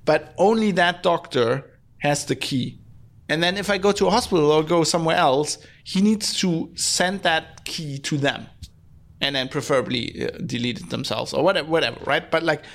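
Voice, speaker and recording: Fairly high in pitch and marked by vocal fry, a podcast host talks at a moderate pace. He rants with blunt sarcasm, swearing freely and often filling and restarting his lines.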